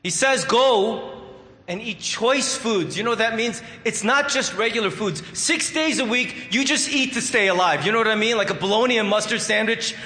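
Pastor, male, high and bright voice, emphatic preaching style with playful asides; echoey sanctuary with a long reverb tail. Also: normal speed. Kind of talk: sermon.

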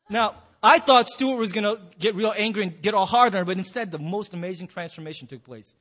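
A man's voice: high voice, animated, fairly quick, few pauses, fairly bright tone. A man preaching as a pastor in a church hall, telling a story with playful acted-out quotes. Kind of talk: sermon.

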